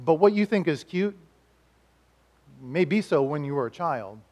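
High-voiced animated preacher man. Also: unhurried. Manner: animated storytelling preacher, swings between loud and hushed. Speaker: pastor and chaplain. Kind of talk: sermon.

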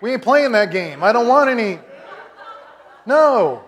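A man's voice: very high voice, big pitch swings, a little slow, pitched above the performer's own voice, heavily acted. A man voicing the elderly biblical Abraham as a stubborn, incredulous old man, played for laughs. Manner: incredulous, comic.

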